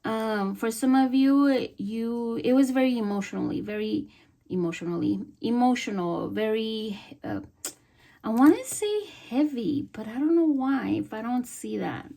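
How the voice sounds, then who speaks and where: A woman giving a casual tarot reading, soft-spoken and halting, with many fillers and repeated words. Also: fairly high pitch, creaky. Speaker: tarot reader.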